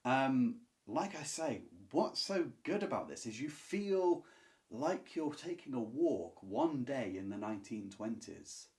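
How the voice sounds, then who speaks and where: A man's voice: mid-range voice, expressive, measured pace, a little mellow. A man reviewing classic books to camera in a casual, enthusiastic, chatty way, with asides and restarts. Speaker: book reviewer.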